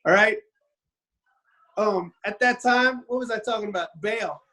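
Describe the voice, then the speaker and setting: A man's voice: sits high, unhurried, sharp tone. A man retelling a Bible story in a loose, casual podcast chat. He rambles and stumbles over his words, restarting sentences as he goes. He acts out the characters' lines in little quoted voices.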